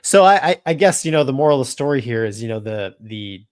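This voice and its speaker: A man's voice: mid-range voice, fast, dry recording. Laid-back guy pilot cohost, jokey, mid voice, dry close mic. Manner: relaxed, joking, talks with laughs. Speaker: co-host, former fighter and airline pilot. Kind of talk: casual aviation chat.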